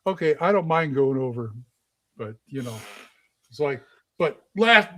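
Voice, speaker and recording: A man's voice: a little high, expressive, a little slow, sharp tone, no echo. A man co-hosting a casual tabletop gaming chat show, talking animatedly and sliding into character voices as he tells stories. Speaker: podcast co-host and game master.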